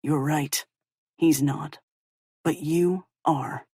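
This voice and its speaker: A woman voicing a protective young male college athlete, dropping her voice low to speak in gruff, terse lines. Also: steady tone, very slow, warm tone, no echo, studio quality, heavily acted. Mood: earnest.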